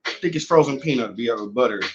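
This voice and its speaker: A man's voice: mid-range voice, expressive, fast. Loose profane man on a lo-fi home podcast. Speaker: podcast host. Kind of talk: casual unedited home podcast with freestyle singing. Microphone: earphones headset. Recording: dull lo-fi home recording.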